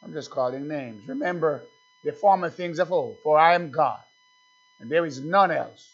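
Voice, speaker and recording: A male pastor preaching a sermon, swinging between loud shouted declarations and low murmured asides. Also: moderate pace, slightly rough, highs cut off.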